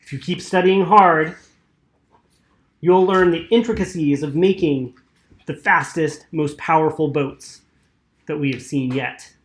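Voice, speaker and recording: A man voicing a slight, proud dwarf shipbuilder who talks rapidly and eagerly. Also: on the high side, lightly acted. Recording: roomy echo.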